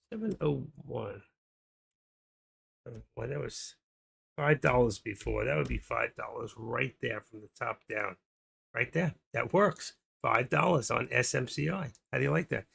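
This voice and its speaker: A man's voice: medium pitch, measured pace, vocal fry, a bit bright, breathy edge. A man hosting a trading live stream, rambling casually and muttering his thoughts aloud as he goes.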